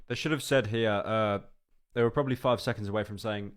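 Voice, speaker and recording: A man's voice: lowish voice, steady tone, a little fast, clear, resonant tone. Joking man reacting live on stream. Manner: loose, sarcastic and joking.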